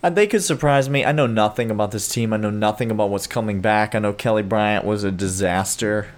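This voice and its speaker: A man's voice: fairly low pitch, a little fast. A man co-hosting a casual sports chat, joking and mock-serious, often rambling with fillers. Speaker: sports podcast co-host.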